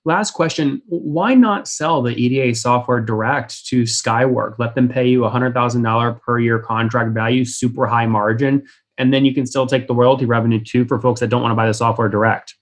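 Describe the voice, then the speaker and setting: A man's voice: medium pitch, steady tone, fairly quick. A man in his thirties hosting a business interview and asking blunt, direct questions. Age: 30s. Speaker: interview host. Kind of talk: rapid-fire business interview.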